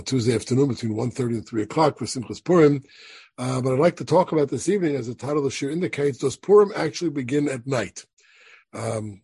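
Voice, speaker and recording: A man's voice: mid-range voice, warm tone, slightly rough, no echo. A man giving a rabbinic class, reading Hebrew verses aloud and explaining them to his listeners. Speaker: rabbi teaching a weekly class. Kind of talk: lecturing on Jewish law from source sheets.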